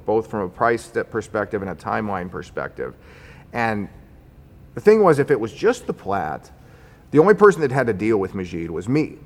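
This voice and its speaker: A man telling a personal story in a conversational, wry way, getting animated as he recounts it. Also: medium pitch. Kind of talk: personal story told to an audience. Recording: long hall reverb.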